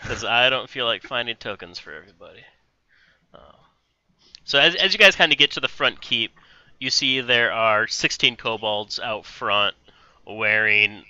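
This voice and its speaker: A man running a tabletop game as game master, setting scenes in a casual, halting way. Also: lowish voice, sharp tone, clear, resonant tone, dry recording. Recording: dull lo-fi recording.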